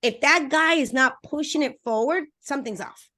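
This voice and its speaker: A woman dating coach talking as a podcast interview guest, energetic and emphatic, speaking straight to her listeners and acting out little voices. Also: normal speed. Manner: acts out voices with expressive pitch swings.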